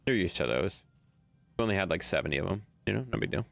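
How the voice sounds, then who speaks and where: Lively, blunt-talking male game streamer. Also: low voice, fast talker, gravelly, no echo. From Wisconsin. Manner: blunt, swears, bickers with chat. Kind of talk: live game stream, chatting with viewers.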